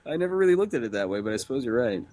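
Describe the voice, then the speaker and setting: Dude cohost cracking jokes, mid voice, dry mic sound. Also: male voice, medium pitch, big pitch swings, darkish tone, no room sound. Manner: quick joking interjections, laughs often. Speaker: podcast co-host. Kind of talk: casual profane chat.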